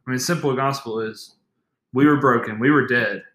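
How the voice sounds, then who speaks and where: A man's voice: medium pitch, moderate pace, a bit bright. A young man co-hosting a faith podcast, speaking earnestly and emphatically. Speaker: podcast co-host. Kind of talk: casual faith podcast talk. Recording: echoey room.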